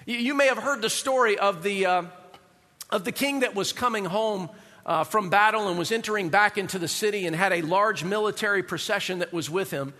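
Male pastor, high bright voice, lively sermon delivery, long hall reverb. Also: brisk. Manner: animated, rhetorical questions to the congregation.

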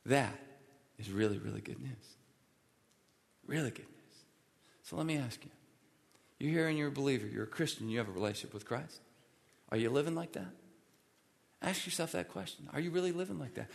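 A man's voice: medium pitch, lively intonation, a little fast, gravelly, long pauses. A male pastor preaching a sermon in a church, emphatic and pleading, repeating his points for emphasis. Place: church sanctuary. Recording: long reverb of a large hall.

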